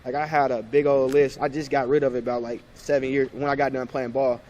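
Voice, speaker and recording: A man's voice: medium pitch, fast talker, a little hiss or hum. A man in his thirties, a former point guard, telling stories in a casual podcast interview and acting out old conversations. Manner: animated, acts out past conversations.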